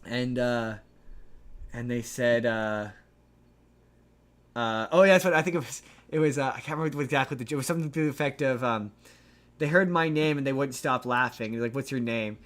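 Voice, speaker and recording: A man co-hosting a podcast, recapping a movie plot in a rambling, animated way with many restarts. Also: medium pitch, brisk, pauses often. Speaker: podcast co-host. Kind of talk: casual movie recap chat.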